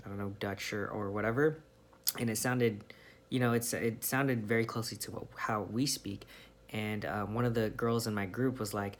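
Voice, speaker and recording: A man's voice: fairly low pitch, steady tone, moderate pace. A young man from California, musing casually on camera with lots of ums and restarts. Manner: rambling, many ums and restarts. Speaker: vlogger. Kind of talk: casual monologue.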